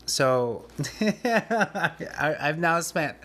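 A man's voice: fairly high pitch, expressive, drawn-out words, a bit bright. A man who manages a restaurant kitchen tells a work mishap in a casual podcast. He rambles, restarts his sentences and laughs nervously, still shaken and anxious. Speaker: restaurant back of house manager.

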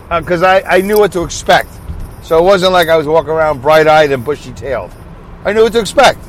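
Man, solo podcast host, fairly high voice, rambling, thinks out loud, faint background noise. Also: low-quality recording. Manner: rambling, thinks aloud, answers his own questions; leads listeners through a breathing break. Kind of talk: casual solo podcast talk.

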